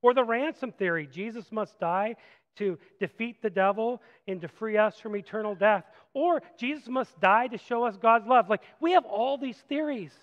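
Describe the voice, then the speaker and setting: A man preaching a sermon as pastor, animated, moving from loud acted-out quotes to quiet reflective passages. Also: sits high, moderate pace, in a large hall, lo-fi sound. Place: church sanctuary.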